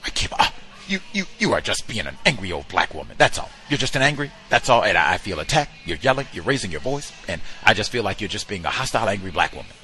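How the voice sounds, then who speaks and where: A man's voice: lowish voice, sing-song, fast talker, pushed and bright. A man voicing a defensive male coworker who whines and stammers accusations. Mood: whiny, defensive.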